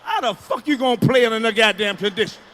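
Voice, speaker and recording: A middle-aged man doing a stand-up routine, ranting loudly and profanely. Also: extremely high pitch, fast talker, slight background noise. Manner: profane, shouting rants. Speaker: stand-up comedian.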